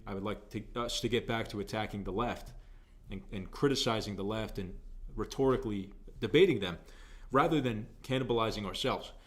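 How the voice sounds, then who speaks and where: Young male host, lowish voice, earnest conversational commentary. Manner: earnest, conversational, repeats phrases for emphasis. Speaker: political show host. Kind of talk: opinion commentary.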